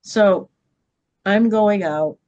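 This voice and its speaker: A woman's voice: mid-range voice, very slow, a little mellow, lo-fi sound. A middle-aged woman, a podcast guest, telling a personal story with emphasis and often checking in with "okay?".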